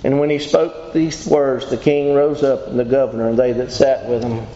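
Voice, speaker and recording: This is a call-and-response sermon in a church hall, where a man preaches folksily and emphatically, often questioning the congregation. He has a warm, mid-range voice that barely moves in pitch, delivered at a moderate pace. The hall's echo and a dull, lo-fi quality mark the recording.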